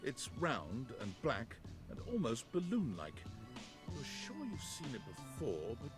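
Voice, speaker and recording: A man giving calm scripted narration for a game over game music. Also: medium pitch, measured pace. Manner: calm, descriptive.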